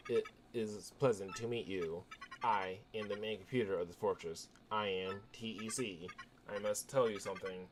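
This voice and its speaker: A man voicing a polite fortress computer that speaks slowly and formally. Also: fairly low pitch, background noise, pitched below the performer's own voice, close to an everyday voice. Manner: slow, flat and formal. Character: deep-voiced computer mind, calm, polite.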